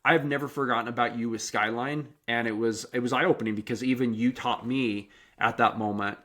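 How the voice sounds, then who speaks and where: A man hosting a running podcast, telling stories in a lively, chatty way with frequent restarts. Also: medium pitch, brisk. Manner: animated storytelling, many restarts. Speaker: podcast host and running coach. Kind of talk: casual interview chat.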